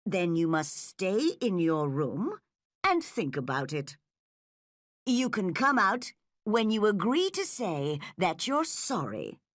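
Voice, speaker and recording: A woman voicing a firm but kind middle-aged guardian who speaks calmly in a storybook reading. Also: medium pitch, slow, dry recording, studio quality. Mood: firm, gentle. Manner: calm and firm.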